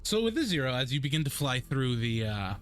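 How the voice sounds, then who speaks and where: A young man narrating a tabletop game as game master, unhurried and descriptive with frequent ums. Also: mid-range voice, very animated. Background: faint background music.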